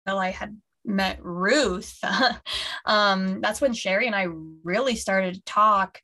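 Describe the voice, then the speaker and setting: A woman's voice: mid-range voice, takes it slowly, bright, forceful tone. A woman co-hosting a fan podcast in casual chat, gushing and rambling with many restarts over a remote call. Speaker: podcast co-host.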